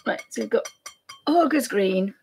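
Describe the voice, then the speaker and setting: Chatty art streamer, woman, husky and slightly high-pitched, easily amused. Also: expressive, measured pace, a little mellow, faint music behind. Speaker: art demonstrator. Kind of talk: live painting tutorial stream.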